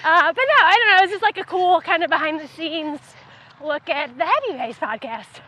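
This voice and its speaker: A woman's voice: very high-pitched, expressive, a little fast, sharp tone. A woman co-hosting a podcast in casual chat, laughing often and talking loosely with lots of fillers. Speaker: podcast co-host.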